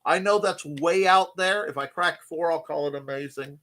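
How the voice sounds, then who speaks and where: A man's voice: fairly high pitch, moderate pace, bright, forceful tone. A man hosting a casual live stream from his home desk, rambling and joking and greeting people in the chat. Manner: rambling, jokey, greets chatters.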